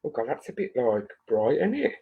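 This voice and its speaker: A woman's voice: extremely low pitch, very animated, fairly quick, husky, phone-quality sound. Chatty woman hosting a live stream. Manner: rambling, chatty, laughs often. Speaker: live-stream charity show host. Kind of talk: casual live-stream chat to viewers.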